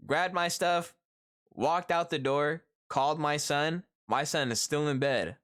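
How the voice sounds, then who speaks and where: A middle-aged man streaming live, telling a story about his workday to his chat in a lively, animated way and acting out the people in it. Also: a little high, measured pace. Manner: animated storytelling, acts out quoted coworkers. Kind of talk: casual chat with viewers.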